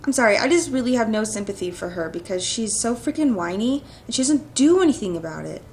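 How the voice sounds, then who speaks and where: A woman hosting a let's play who comments bluntly and sarcastically on the story. Her voice sits slightly high. A faint rumble runs under the recording. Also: lively intonation, quick pace, a little mellow. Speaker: gaming channel host.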